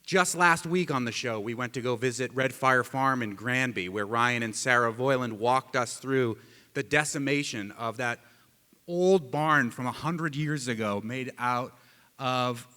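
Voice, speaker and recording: A man with an energetic, booming delivery welcomes the crowd from a stage, joking between introductions. He speaks at a middling pitch. His voice rings with the long reverb of a large hall. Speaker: radio host and event emcee. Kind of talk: stage introduction at a live storytelling event. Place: stage in a hall with live audience.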